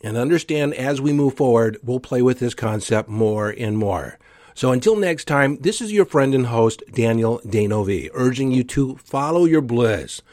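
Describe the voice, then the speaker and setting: A man's voice: mid-range voice, expressive, normal speed, darkish tone, no echo, clean studio sound. A man hosting a motivational podcast, talking earnestly and with emphasis as he coaches listeners. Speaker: podcast host. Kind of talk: motivational solo talk.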